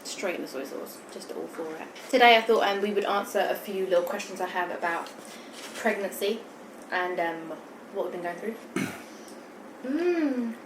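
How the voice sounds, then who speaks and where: A woman's voice: medium pitch, lively intonation, moderate pace. A young woman chatting while she eats in a mukbang video, giggly and slightly out of breath. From United Kingdom. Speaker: vlogger. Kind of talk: mukbang chat. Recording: echoey room with background noise.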